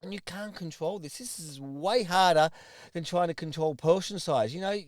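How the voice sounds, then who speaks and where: A man's voice: on the high side, normal speed, no echo, clean studio sound. A middle-aged Australian man, a personal trainer, giving an earnest motivational talk to camera, repeating himself and restarting his sentences. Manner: earnest, repetitive, with restarts and acted asides.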